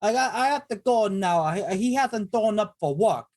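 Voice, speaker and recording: A man doing a jittery anonymous caller with a put-on thick Italian accent, his voice pushed well above his usual pitch. He stammers and stalls between words, and his pitch jumps around as he talks. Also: lively intonation, darkish tone. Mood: nervous. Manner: halting, stammering, high-pitched.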